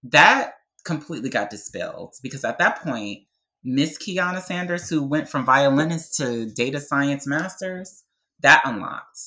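A woman's voice: rumbling low, expressive, a little slow, bright, forceful tone, low-quality recording. A young adult woman speaking with passion and conviction as a podcast guest, often checking in with "right?". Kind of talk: heartfelt podcast conversation.

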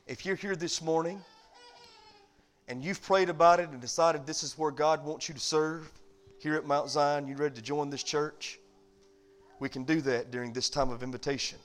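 A man pastor preaching a sermon, animated and calling for amens. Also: a little high, moderate pace. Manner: animated preaching, calls for amen.

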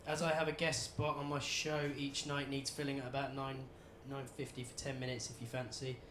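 A man's voice: mid-range voice, completely flat delivery, fairly quick, roomy sound, background noise. A man from England in a live audience, reading a submitted question aloud and stumbling over words. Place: comedy venue with live audience.

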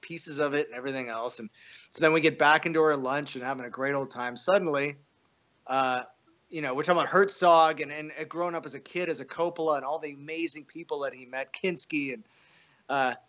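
A man's voice: a little fast, a bit bright. A man telling a wild story in casual, profane conversation, acting out the quotes. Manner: profane, acts out quotes with pitch jumps. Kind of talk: animated storytelling.

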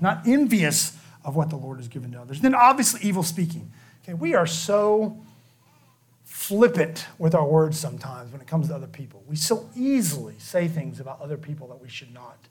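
A man's voice: fairly high pitch, sing-song, fairly quick, a little mellow, slightly rough. A man pastor preaching a conversational expository sermon, often checking in with the congregation by asking "okay?".

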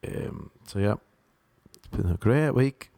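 A man's voice: fairly low pitch, lively intonation, slow, gravelly, dark tone, no echo. Chatty self-mocking Irish man. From Ireland. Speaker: vlogger. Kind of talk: rambling comic monologue.

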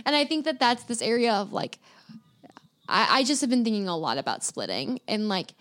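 Female podcast co-host, somewhat high voice, reflective, thoughtful conversational read. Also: sing-song, brisk, a bit bright.

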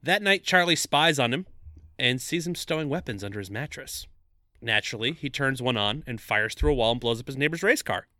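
Lively bright-voiced man recapping plot. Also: medium pitch, a little fast, no room sound. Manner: dry storyteller retelling the plot with asides. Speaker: podcast co-host. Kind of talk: casual comedic movie recap.

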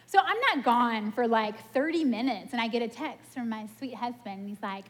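Woman preacher, lively and chatty, slightly high voice, church hall with long reverb. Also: normal speed, a little hiss or hum. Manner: animated, chatty, laughs at herself. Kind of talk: casual sermon with stories.

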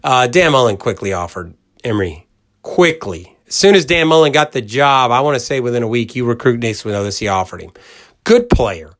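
A middle-aged man hosts a casual sports podcast in a folksy, rambling manner. His voice sits at an ordinary mid pitch, and he hammers his points home as he talks straight to the audience. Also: lively intonation, brisk. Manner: folksy, rambling storyteller who acts out quoted voices; emphatic, talks straight to listeners. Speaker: college football podcast host.

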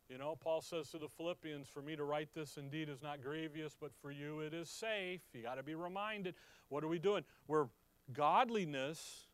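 A man preaching a verse-by-verse sermon, his voice sitting a bit high for a man. He keeps asking the listeners questions and checking they are with him. The recording is dry with almost no room sound. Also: fairly bright tone, no echo. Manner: rising to emphatic peaks, dropping low for asides; asks the audience questions and checks they follow. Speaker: pastor. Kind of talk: Bible teaching sermon.

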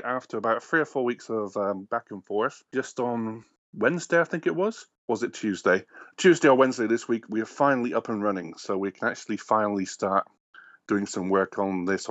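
A man's voice: lowish voice, a little fast, fairly bright tone, no echo. Laughing man on a dull, dry line. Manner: laughs often, rambling with restarts. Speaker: game developer. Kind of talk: casual team meeting update.

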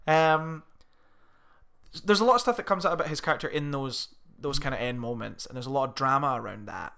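An animated man talks films on a podcast, swearing freely and laughing easily. His voice sits a little high and sounds bright and forward. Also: a little fast, creaky. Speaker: podcast co-host. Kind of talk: casual film review chat.

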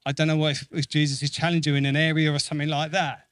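Guy preaching a sermon, earnest, keeps repeating lines for effect, kinda high voice, dry sound. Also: fast talker, no echo. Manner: earnest, repeats phrases for emphasis; acts out quoted voices with lively shifts.

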